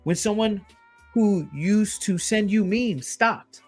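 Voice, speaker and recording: Solo podcast host, male, blunt and emphatic, cursing freely, slightly raised pitch. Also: takes it slowly, a little mellow, slightly rough, soft background music. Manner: blunt and emphatic, swears often, repeats phrases.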